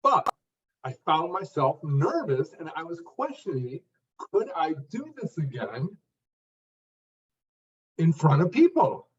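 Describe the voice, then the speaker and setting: A man's voice: on the high side, big pitch swings, slow pace, pauses often, far from the mic, muffled recording. A man giving an interview answer as a speech coach, talking in short emphasized phrases with frequent restarts.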